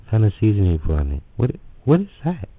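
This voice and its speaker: A man's voice: fairly low pitch, wildly swooping pitch, quick pace, no echo, full character voice. A man voicing a homesick young nephew who mutters sulky complaints. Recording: phone-like lo-fi audio.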